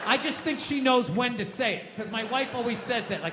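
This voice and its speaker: High-voiced ranting stand-up comedian. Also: male voice, expressive, brisk, few pauses, background noise. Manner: profane, ranting, exasperated. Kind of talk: stand-up routine. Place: open-air stage at a large venue. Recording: echoey live venue sound.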